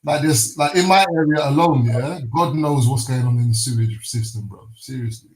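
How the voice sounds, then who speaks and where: A man's voice: medium pitch, normal speed. A young man tells a story in loose slang, swearing as he goes. The banter is casual and easygoing. His voice rings in a roomy, echoing space. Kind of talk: casual banter among friends. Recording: roomy echo.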